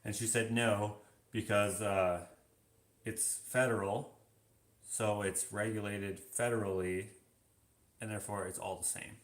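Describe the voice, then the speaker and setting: A man's voice: fairly low pitch, steady tone, unhurried, pauses often. A man chatting casually on a live stream, reading viewer comments aloud and answering with loose, filler-heavy talk. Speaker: vlogger answering viewer questions. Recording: roomy echo.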